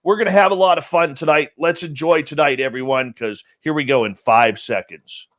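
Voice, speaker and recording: In a highish, somewhat bright voice at a moderate pace, a man hosts a live radio stream from his home studio in central British Columbia. He jokes through an upbeat, rambling roll call, greeting chat room members with teasing nicknames.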